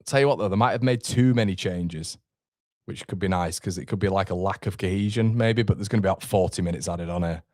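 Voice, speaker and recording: A man hosting a live football watchalong, reacting anxiously and in exasperation, sometimes swearing and shouting at players. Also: sits low, quick pace, no echo, studio quality. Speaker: fan watchalong host. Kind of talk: live football fan commentary.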